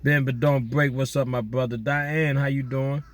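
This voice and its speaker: A man chatting casually outdoors at night, giving relaxed, slangy shout-outs to his listeners. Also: medium pitch, normal speed. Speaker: vlogger doing viewer shout-outs. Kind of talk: casual chat.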